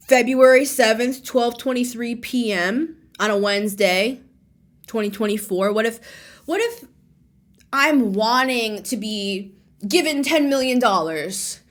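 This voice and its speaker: A woman's voice: a little high, fairly bright tone. A woman tarot reader musing aloud in a casual spiritual monologue, laughing often and dropping at times to a near-whisper.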